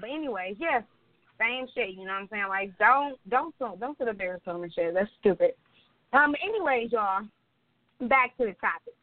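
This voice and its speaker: A woman's voice: mid-range voice, lively intonation, moderate pace, dry recording. A woman co-hosting a casual podcast, telling stories in a blunt, profane way. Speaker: podcast co-host. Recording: tinny phone-like line.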